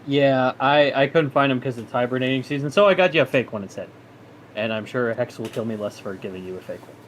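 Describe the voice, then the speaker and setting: A man's voice: mid-range voice, quick pace, a little hiss or hum, close to an everyday voice. A man voicing an awkward uncle who hesitates and stumbles with fillers as he hands over a gift. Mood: fumbling, sheepish.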